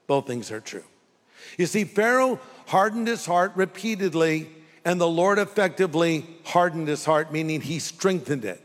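A pastor preaching a sermon, with dramatic pauses and rhetorical questions. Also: male voice, on the high side, expressive. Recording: long hall reverb.

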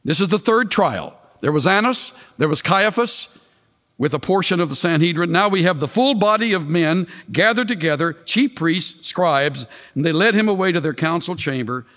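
A male preacher giving an expository sermon, animated, with dramatic swings of voice when he quotes. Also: normal speed, big-room sound. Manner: animated, dramatic shifts in pitch when quoting.

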